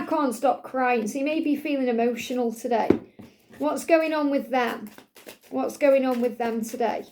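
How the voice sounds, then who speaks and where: Woman doing a card reading, high voice, soft and repetitive, calm. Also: noisy background. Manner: gentle, repetitive, soothing delivery. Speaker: tarot and oracle card reader. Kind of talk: spiritual card reading to camera.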